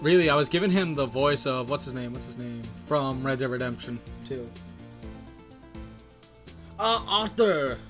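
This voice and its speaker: A man's voice: mid-range voice, fairly even intonation, a little fast, few pauses. A man giving rambling, joking commentary while playing a game, over game music. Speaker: gameplay host. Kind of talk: casual gameplay commentary.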